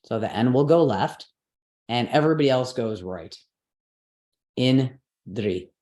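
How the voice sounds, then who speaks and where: A woman with a bass, dark-toned voice speaks expressively at a measured pace in a roomy, echoing space. She teaches Sanskrit pronunciation in an explanatory online class, patiently checking understanding with frequent "right?" and "okay".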